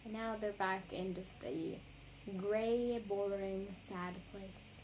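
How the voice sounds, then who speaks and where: A woman vlogger reacting to music in a casual, rambling chat, full of ums and likes and quick apologies. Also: medium pitch, steady tone, a little mellow, a little hiss or hum.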